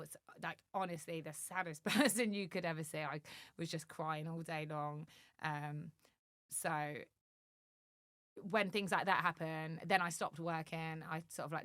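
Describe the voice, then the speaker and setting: Chatty young woman, bright dry voice. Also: sits low, normal speed, dry recording. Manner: chatty and animated, full of fillers and acted-out quotes. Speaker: podcast guest, agency founder. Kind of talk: casual podcast chat.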